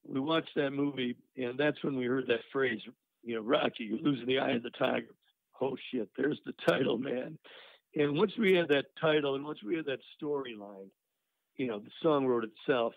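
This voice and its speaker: A man's voice: mid-range voice, moderate pace, gravelly, dry recording. An older man, a musician guest, telling career stories in a rambling way full of "you know" and "uh". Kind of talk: casual storytelling interview. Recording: dry, tinny phone-line sound.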